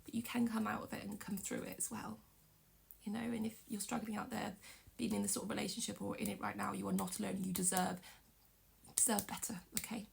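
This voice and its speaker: A young woman tells a painful story from her own life, her voice heavy with gravel and fry. She speaks in an emotional, halting way, stopping often and starting over. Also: medium pitch, flat delivery, slight background noise. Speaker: vlogger. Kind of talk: personal storytelling vlog.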